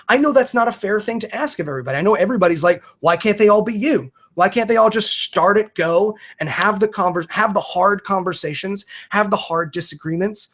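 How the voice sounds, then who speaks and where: A man's voice: high voice, fairly bright tone. A man, a podcaster and comedian, talking earnestly and emphatically in a casual video-call conversation, swearing freely and often restarting his sentences.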